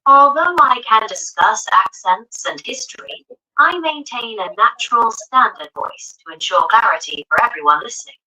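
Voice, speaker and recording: A synthetic female voice assistant giving polished, helpful answers in a smooth conversational tone. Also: a little high, animated, moderate pace, bright, forceful tone, poor audio.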